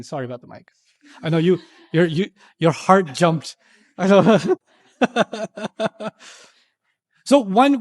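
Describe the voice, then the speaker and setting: High-voiced animated male lecturer. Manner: animated, acts out quoted voices and asks rhetorical questions. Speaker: Islamic lecturer. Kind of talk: lecture on Quran verses to a live audience.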